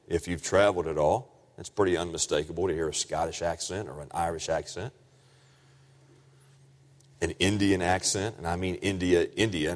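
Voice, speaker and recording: A man preaching a sermon, dropping low and quiet, then rising loud and high for emphasis. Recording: long reverb of a large hall.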